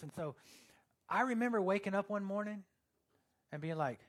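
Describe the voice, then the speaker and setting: A man's voice: high voice, normal speed, a bit bright. A male pastor preaching a sermon in a conversational way, turning earnest and emphatic, with joking asides to the congregation.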